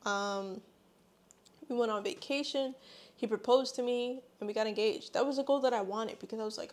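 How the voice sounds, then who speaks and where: A woman's voice: a little high, normal speed, darkish tone. A pregnant young woman talking earnestly and from the heart in a personal vlog, her words full of faith. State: eight months pregnant. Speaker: vlogger.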